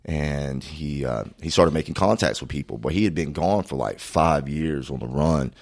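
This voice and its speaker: A man's voice: rumbling low, normal speed, gravelly, a little mellow. A man from Florida, telling a long story in casual, profane, rambling podcast chat. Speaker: podcast guest.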